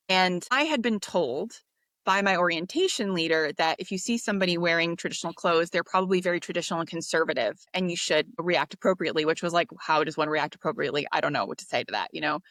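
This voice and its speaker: Interview guest, woman, lowish voice, animated storyteller who acts out quotes, dry close mic. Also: dry recording. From United States. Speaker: podcast guest.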